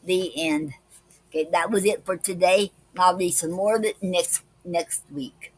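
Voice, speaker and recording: A woman hosts a poetry club live stream, reading poems and explaining a poetic form and a word of the day. She reads slowly and carefully, dropping frequent "okay"s between parts. Her fairly low voice has fairly even intonation, recorded dry with poor audio.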